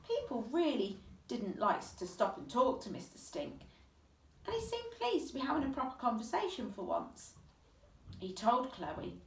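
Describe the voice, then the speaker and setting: A woman reading a children's book aloud with expressive, vivid storytelling. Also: medium pitch. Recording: echoey room, distant mic.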